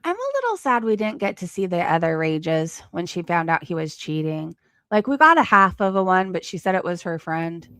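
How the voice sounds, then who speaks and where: A woman's voice: lowish voice, sing-song, moderate pace, fairly bright tone, smooth, no room sound. A woman hosting a gossip reaction stream, tossing in snarky, mocking comments over a clip. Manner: snarky, mocking, dry asides.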